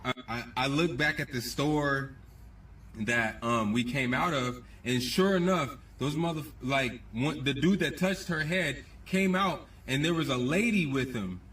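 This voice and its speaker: A man telling a personal story to a camera, excited and repeating himself as he recounts events step by step. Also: medium pitch, a little slow, far from the mic. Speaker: storyteller in a clip.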